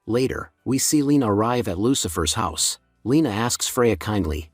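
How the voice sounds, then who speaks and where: A man narrating a story recap in an even, steady delivery. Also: mid-range voice, moderate pace, few pauses, slightly rough, no room sound, clean studio sound, soft background music.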